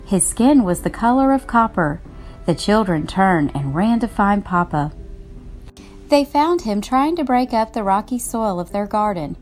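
A woman reading a children's picture book aloud, telling the story in an expressive, gently paced way. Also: mid-range voice, a little slow, faint music behind. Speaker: storybook reader.

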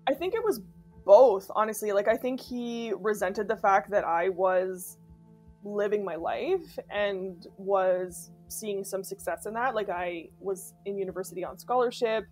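In a documentary interview, a Canadian woman candidly describes being stalked, chatting with plenty of fillers like "like" and "you know." Her mid-range voice is a little slow and darkish in tone. Faint music plays in the background.

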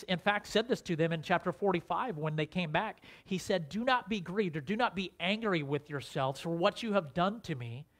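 Man preaching a relaxed sermon. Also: a little high. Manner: conversational preaching with rhetorical questions and restarts. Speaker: pastor.

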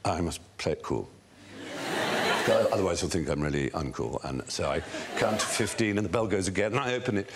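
A man's voice: low-pitched, a little fast, heavy background noise. A man, a talk show guest telling anecdotes and acting out other people's lines. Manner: lively storyteller, acts out other people's lines. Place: TV studio with audience.

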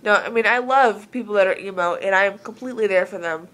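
A woman from Southern Oregon vlogs straight to camera in casual talk. She sounds earnest and rambling and leans on a lot of filler words. Her voice sits at a middling pitch for a woman. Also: fast talker, a bit bright. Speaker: vlogger.

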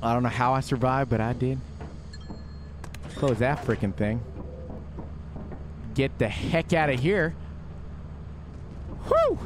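A young man hosting a co-op horror game playthrough, excitable and jokey, pleading and yelping when scared and boasting when he survives. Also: medium pitch, measured pace, pauses often, background noise. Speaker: let's play host. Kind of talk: casual gameplay commentary.

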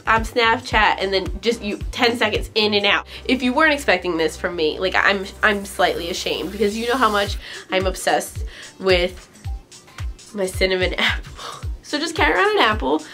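A woman's voice: medium pitch, animated, normal speed, pushed and bright, soft background music. A young woman vlogger chatting casually, giggly and loose, full of "like" and "um". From United States. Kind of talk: casual vlog chat.

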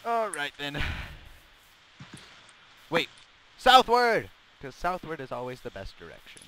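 A man's voice: a little high, wildly swooping pitch, unhurried, sharp tone. A young man hosting a casual game session, joking and goofing around with a friend. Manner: jokey, playful, prone to silly outbursts. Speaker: gaming channel host. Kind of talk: casual gameplay chat. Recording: noisy voice chat.

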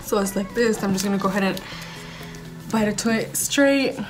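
A woman's voice: mid-range voice, moderate pace. A young woman vlogging casually, gushing and chatty as she tastes food at home, slipping Spanish words into her talk. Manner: bubbly, gushing, mixes in Spanish words while eating. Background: background music.

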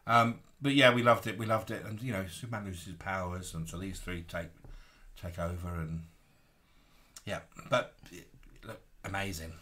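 A man co-hosting a casual live-stream chat, relaxed, with trailing ums. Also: sits low, moderate pace. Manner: relaxed, fond of film baddies, trailing ums. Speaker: co-host.

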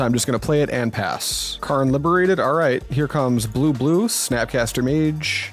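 A man at an ordinary middle pitch talks through his card game as he plays, musing over each move and pleading with his opponent. He grumbles and swears when a draw goes badly. Soft music plays faintly behind him. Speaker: card game video commentator. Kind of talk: casual live gameplay commentary.

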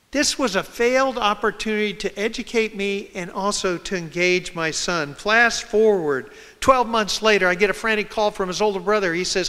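Man, high voice, bright, smooth, storytelling talk, reverb of a big hall. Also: moderate pace. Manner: storytelling, acting out quoted voices. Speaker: speaker. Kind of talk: public talk. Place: large hall with audience.

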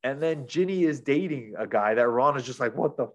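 A man talking casually as a reviewer, rambling through a story with many "um"s and "like"s. His voice sits at a middling pitch. The recording is a bit dull and lo-fi. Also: lively intonation, brisk. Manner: rambling, filler-heavy retelling. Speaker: podcast reviewer. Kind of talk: casual chat.

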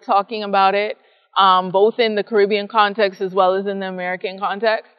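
A woman from the Bahamas, a psychologist and professor, giving measured explanatory answers in an interview and often ending a point with a tag question. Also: mid-range voice, big-room sound, highs cut off.

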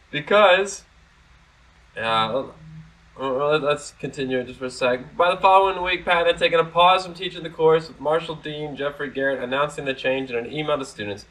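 A man with a bright, forceful voice riffs through his own commentary, reading passages and then cutting in with blunt, profane sarcasm. His pitch sits in an ordinary middle range, and he often restarts his sentences as he talks. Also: moderate pace, rough recording. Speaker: commentary vlog host. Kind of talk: casual commentary reading news articles.

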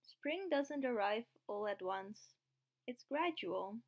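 A woman reading aloud as a gentle, calm young queen. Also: a little high, a little slow, dull audio.

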